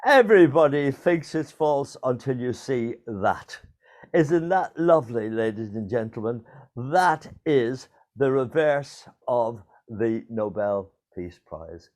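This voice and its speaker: A man's voice: mid-range voice, expressive, slow pace, a little mellow. An older man hosting a playful true-or-false quiz over a video call, teasing his guests and laughing often. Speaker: quiz host.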